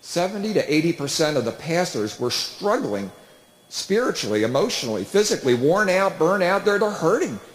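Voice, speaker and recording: Middle-aged male comic, high voice, spinning animated stories, roomy hall sound. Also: normal speed, a little hiss or hum. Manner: storytelling with big animated voices. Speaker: comedian. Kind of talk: stand-up comedy talk. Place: church hall with live audience.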